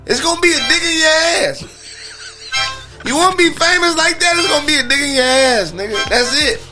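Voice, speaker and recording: A man's voice: extremely high pitch, fairly quick, music in the background. A man talking as a podcast guest, ranting profanely and laughing in casual chat.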